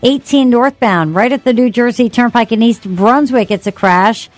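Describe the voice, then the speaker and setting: Brisk woman reading radio traffic. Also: on the high side, no room sound. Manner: brisk, clipped, matter-of-fact. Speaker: traffic reporter and co-host.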